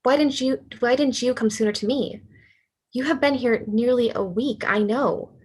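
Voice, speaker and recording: A woman's voice: fairly high pitch, normal speed, husky. A woman reading the part of a despairing, lovesick young male writer in a cold reading over a video call, with earnest, pleading delivery. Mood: tender. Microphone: computer mic on a video call.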